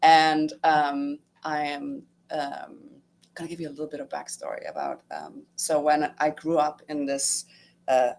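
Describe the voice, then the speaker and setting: A woman's voice: sits low, unhurried, gravelly, a little mellow, slight background noise. A middle-aged woman sharing a personal story in casual talk, emotional and full of fillers, acting out her own inner thoughts. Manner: emotional, many fillers and acted-out inner quotes. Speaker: guest sharing her retreat experience.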